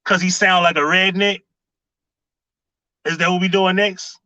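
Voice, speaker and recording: A man's voice: sits high, fairly even intonation, measured pace, sharp tone, dry recording, dull audio. A man hosting a casual live stream, firing off sarcastic rhetorical questions and greeting viewers in the chat. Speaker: livestream commentary host.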